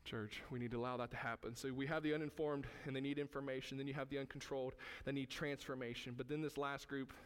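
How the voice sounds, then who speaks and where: A man's voice: medium pitch, little pitch movement, quick pace, hardly any pauses, clear, resonant tone. A man preaching as pastor, emphatic and repetitive, speaking directly to his congregation. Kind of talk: sermon.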